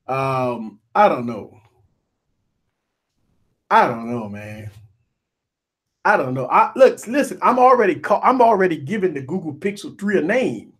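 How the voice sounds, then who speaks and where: Husky, animated man ranting about tech. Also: sits high, unhurried, long pauses. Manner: animated, repetitive, joking rants. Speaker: tech show host. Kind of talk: live-stream tech commentary.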